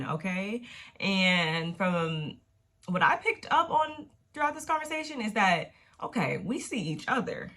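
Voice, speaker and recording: A woman with a slightly low voice talks through a TV episode in a loose, chatty way. She is slangy and profane, and she acts out the scenes as she retells them. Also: fairly bright tone. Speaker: TV recap vlogger. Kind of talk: casual episode recap.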